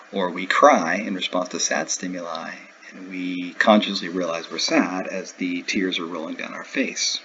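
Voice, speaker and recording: Deep-voiced man giving a lecture. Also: bright, forceful tone, dull audio, slight background noise. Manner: conversational, with everyday examples. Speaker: instructor. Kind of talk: recorded lecture.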